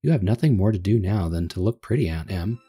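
A man's voice: low voice, expressive, a little fast, dark tone. A man reading a cheerful, reassuring girl.

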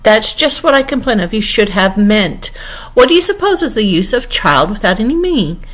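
A woman doing a sharp, scolding queen. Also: a little high, very animated, moderate pace, pitched above the performer's own voice. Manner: sharp, impatient, lecturing. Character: stern bossy royal queen, sharp and scolding.

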